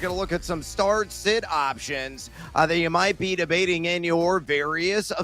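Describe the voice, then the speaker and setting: A man's voice: fairly high pitch, pushed and bright, dry recording. A man hosting a sports betting talk show, chatting casually with jokes and lots of "uh" fillers. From Central Illinois. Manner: rambling, jokey, many "uh" fillers.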